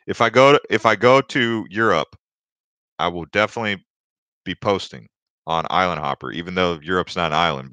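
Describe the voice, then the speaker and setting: Low, bright and forceful, the voice belongs to a young man hosting a laid-back crypto livestream. He wanders through stories and viewer comments, chatty and full of fillers and restarts, in a dry recording.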